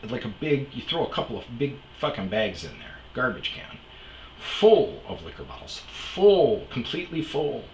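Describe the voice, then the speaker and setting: A man with a lowish voice tells long, rambling anecdotes peppered with swearing. He is recorded in a roomy space with a noticeable echo and faint background noise. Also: big pitch swings, moderate pace. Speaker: host, storyteller. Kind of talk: comedic storytelling podcast.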